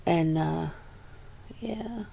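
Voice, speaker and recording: A woman hosting a casual, soft-spoken ASMR chat, rambling along with easy swearing and frequent laughs, close to the mic. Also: fairly low pitch, extremely slow, gravelly. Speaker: ASMR channel host.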